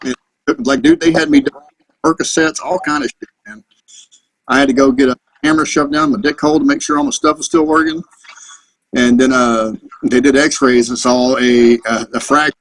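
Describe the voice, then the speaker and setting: A man's voice: medium pitch, normal speed, no room sound, poor audio. A Marine veteran in his thirties, a podcast guest telling profane, rambling anecdotes in a casual chat. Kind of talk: casual storytelling.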